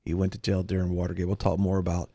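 Gravelly Southern man, chatty host. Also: low-pitched, fast talker, a little hiss or hum. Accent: American Southern. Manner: animated storyteller, acts out quotes. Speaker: radio show host. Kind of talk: casual faith talk show chat.

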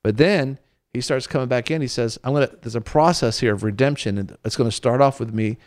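A man who works in ministry, talking about faith in a relaxed, conversational way and acting out quoted lines. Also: mid-range voice, brisk. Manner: animated, acts out quoted voices. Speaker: minister on a faith talk show. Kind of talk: conversational preaching.

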